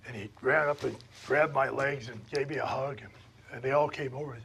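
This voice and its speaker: An older man spinning stories in a relaxed table chat, pitch sitting right in the middle of the range. He's animated, slipping into the voices of the people in his anecdotes. A faint hum of noise sits behind him. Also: normal speed, vocal fry. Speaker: retired pro wrestler telling stories. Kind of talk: casual storytelling at a table chat.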